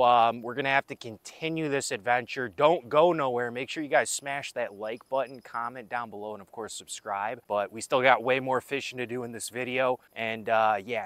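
A man's voice: mid-range voice, a bit bright, no echo. A young man hosting a fishing vlog, joking and rambling to his viewers while he fishes by a river at night. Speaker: fishing vlogger. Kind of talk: casual vlog narration.

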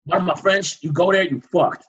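A man, a guest on an interview show, recounting a dramatic personal story with vivid, animated reenactments. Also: high voice, moderate pace, slightly rough, muffled recording.

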